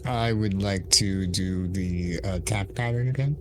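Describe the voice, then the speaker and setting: A man's voice: sits low, a little slow, noisy background. A man playing a tabletop game, upbeat, double-checking the rules and counting his successes aloud. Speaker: player.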